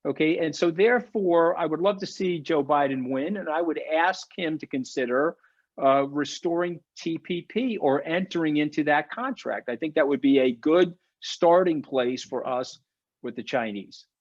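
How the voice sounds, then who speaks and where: A man's voice: a little high, normal speed, no echo. A man speaking as a webinar guest, fired up and preachy, over a video call microphone. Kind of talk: impassioned webinar talk. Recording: dull, dry lo-fi call audio.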